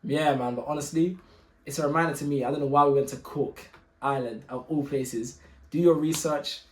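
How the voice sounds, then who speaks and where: A young man telling a personal story in a casual, animated, slangy way, often exasperated and quick to laugh. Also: a little high, roomy sound.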